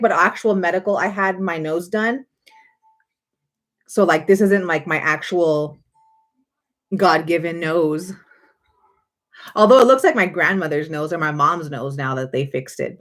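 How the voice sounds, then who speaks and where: A woman's voice: fairly low pitch, fairly bright tone. A woman in her thirties chatting casually to viewers on a live stream, rambling with lots of fillers.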